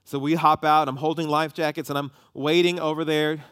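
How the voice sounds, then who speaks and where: Guy in his 30s preaching, telling a story all animated, dry close sound. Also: on the high side, brisk, smooth, dry recording. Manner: animated storytelling, voices rising with emotion. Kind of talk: sermon storytelling.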